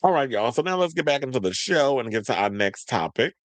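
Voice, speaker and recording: A man's voice: mid-range voice, big pitch swings, fairly quick, dry recording. A man hosting a celebrity gossip show, chatting casually in a sassy way with slang asides as he reads out news items. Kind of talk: casual commentary, reading news aloud.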